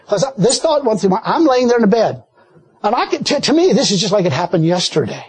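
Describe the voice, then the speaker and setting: Husky high-voiced preacher telling a story. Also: male voice, fast, no room sound. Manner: folksy storytelling, animated, frequent laughter. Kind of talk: sermon.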